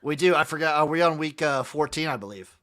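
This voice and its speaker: A man co-hosting a podcast, briskly running through football matchups and picks in casual chat. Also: on the high side, lively intonation, pushed and bright. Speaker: podcast co-host.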